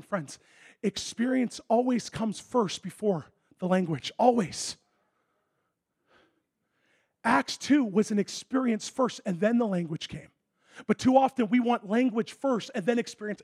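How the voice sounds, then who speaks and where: A man preaching a sermon, telling a story with lively acted-out dialogue that swings from loud excitement to a hushed, intense tone. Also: very high voice, normal speed, long pauses, husky. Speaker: pastor.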